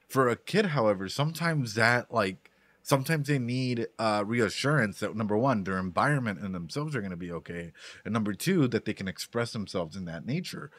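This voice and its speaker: A man's voice: lowish voice, lively intonation, a little fast, a bit bright, no echo. Male streamer, chatty reaction host, stumbles and repeats himself, dry close sound. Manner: rambling, repeats words, talks to chat. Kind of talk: casual live-stream commentary.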